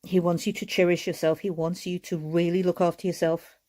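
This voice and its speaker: Woman, card reader, live stream, low-ish voice, warm and mellow, earnest, gently reassuring. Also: level tone, brisk.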